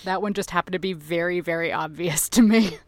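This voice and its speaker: A woman's voice: on the low side, brisk, dry recording. A woman in her thirties co-hosting a casual film podcast, chatty, laughing often and acting out quotes. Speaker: podcast co-host.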